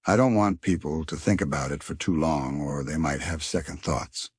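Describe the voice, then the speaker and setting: A man's voice: extremely low pitch, moderate pace, slightly rough, no room sound, clean studio sound, heavily acted. A man voicing Arthur, an earnest and worried young male rat, in a storybook reading.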